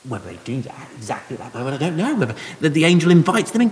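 Guy preaching gently, kinda high voice, echoey church hall sound. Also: big pitch swings, fast talker, few pauses. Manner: gentle, conversational explaining with soft laughs. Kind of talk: sermon. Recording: long reverb of a hall.

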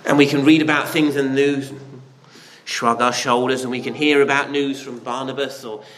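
A man's voice: mid-range voice, fairly even intonation, moderate pace, a bit bright, a little hiss or hum. A man preaching a sermon, earnest, with rhetorical questions and frequent restarts. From Britain.

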